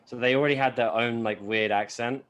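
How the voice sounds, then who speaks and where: A man's voice: mid-range voice, steady tone, fairly quick, a bit bright, muffled recording. A man on a podcast rambling in casual chat, full of filler words and swearing. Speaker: podcast co-host.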